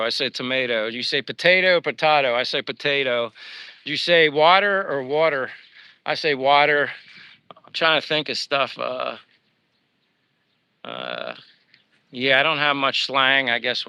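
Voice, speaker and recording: A man's voice: medium pitch, pushed and bright, clear, resonant tone, dry recording. A man chatting casually on a live stream, rambling with many fillers as he answers viewers. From United States. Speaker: vlogger reading live chat. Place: outdoors while walking.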